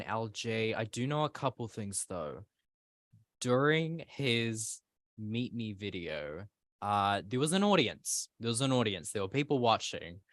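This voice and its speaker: A man's voice: fairly low pitch, a bit bright, dry recording. A man on a casual panel, chatty and playful, going on mock rants. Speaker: panelist assessing new cast.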